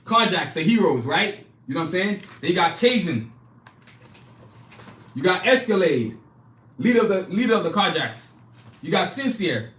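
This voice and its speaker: A man hosting a live stream, pitching his own comic art and merch in a hyped, casual way, repeating himself and talking straight to viewers. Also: sing-song, moderate pace, pauses often, a bit bright, echoey room. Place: indoor studio, clothing hanging behind him.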